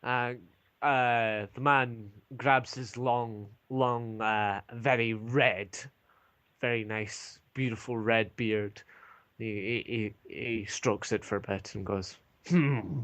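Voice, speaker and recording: A man narrating as game master in an online tabletop game, unhurried and halting, filling his pauses with ums. His voice is recorded close and dry, with no room sound. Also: fairly low pitch, fairly even intonation, fairly bright tone, dry recording. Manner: hesitant, lots of ums and restarts.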